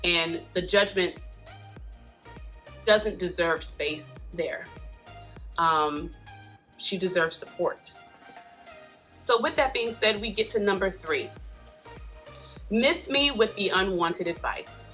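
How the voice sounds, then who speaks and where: A woman's voice: lowish voice, takes it slowly, pauses often, a bit bright, soft background music. A woman hosting a casual advice talk, speaking in a chatty, earnest way with frequent asides. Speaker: host giving parenting support advice.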